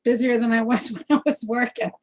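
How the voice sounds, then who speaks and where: A woman's voice: fairly high pitch, fairly even intonation, a little fast. A retired older woman trading friendly greetings and small talk with fellow congregants, repeating her short replies. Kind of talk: casual chat.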